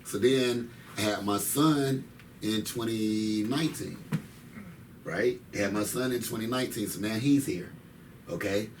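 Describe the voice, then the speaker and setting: Guest: man, thirties, very low voice, emphatic slangy storyteller, heard from a distance with faint background noise. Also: a little slow. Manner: emphatic, slangy, repeats phrases. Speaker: interview guest. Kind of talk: casual storytelling.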